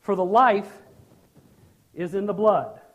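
A middle-aged man preaching a sermon as pastor, animated and joking, with sudden loud bursts. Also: high-pitched, takes it slowly, lo-fi sound.

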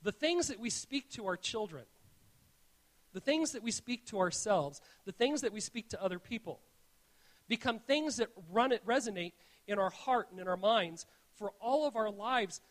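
A man's voice: high-pitched, animated, moderate pace, a bit bright. A man preaching to his church, telling stories in an earnest tone and often restarting his sentences as he goes. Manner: earnest, storytelling, frequent restarts. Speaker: pastor. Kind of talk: sermon.

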